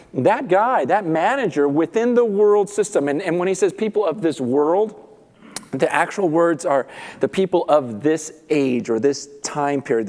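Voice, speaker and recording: A man preaching a sermon, retelling a parable with lively storytelling and acted-out voices. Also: on the high side, long reverb tail. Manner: animated storytelling, acts out characters. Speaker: pastor.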